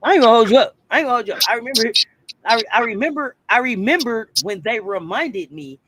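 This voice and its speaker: A man's voice: very high-pitched, lively intonation, fast talker, a crowd in the background, rough recording. A man co-hosting a casual sports talk show, joking and stammering over his words. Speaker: sports podcast co-host.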